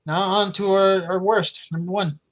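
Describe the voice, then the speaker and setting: High-voiced man hosting a chat. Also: fairly even intonation, moderate pace, low-quality recording. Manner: hesitant, lots of fillers. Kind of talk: casual movie review chat.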